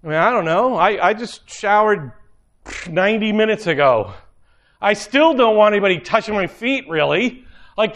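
High-voiced man preaching casually. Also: fairly bright tone. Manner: conversational, rambling, frequent fillers. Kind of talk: informal sermon storytelling.

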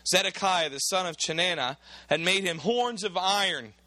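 Bright, animated male preacher. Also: sits high, moderate pace, dry recording. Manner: animated, dramatizing, reads aloud in old bible wording. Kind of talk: expository sermon retelling scripture.

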